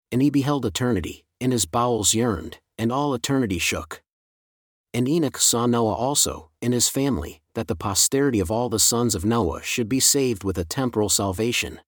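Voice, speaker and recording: A man giving a solemn, measured, unhurried scripture reading. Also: medium pitch, no room sound, studio quality. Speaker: scripture reader.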